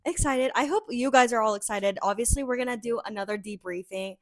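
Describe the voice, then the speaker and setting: A young adult woman co-hosting a podcast in casual chat, excitable and gushing. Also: a little high, fairly quick, dry recording, studio quality. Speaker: podcast co-host.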